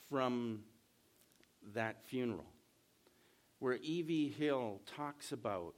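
Man, pastor, slow emphatic sermon delivery, middle-pitched voice.

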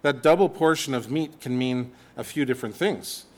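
A man preaching a sermon in a conversational, animated way, with humorous asides. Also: mid-range voice, moderate pace.

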